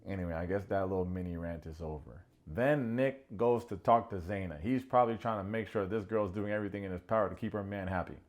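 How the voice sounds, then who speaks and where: A man hosting a comedic reality-show recap, snarky and animated, prone to ranting. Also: sits low, fast talker, few pauses, lo-fi sound.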